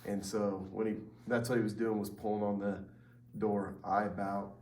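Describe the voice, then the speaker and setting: Low-voiced man telling a spooky story. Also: little pitch movement, moderate pace, darkish tone. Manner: rambling with fillers and restarts, laughing at himself. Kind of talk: casual storytelling. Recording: roomy, from a distance, faint hiss.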